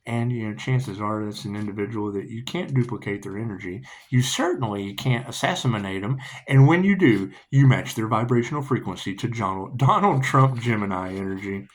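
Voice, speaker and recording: A man's voice: mid-range voice, lively intonation, normal speed, a bit bright. A man giving a loose, rambling spiritual tarot talk, swearing, laughing and humming little tunes between thoughts. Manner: profane, laughing, humming asides. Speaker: tarot reader.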